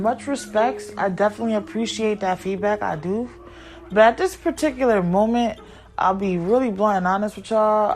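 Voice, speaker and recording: A woman's voice: mid-range voice, darkish tone. Rambling, blunt woman podcaster at home. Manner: rambling, blunt, easily sidetracked. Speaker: podcast host and mother. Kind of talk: casual chat to viewers.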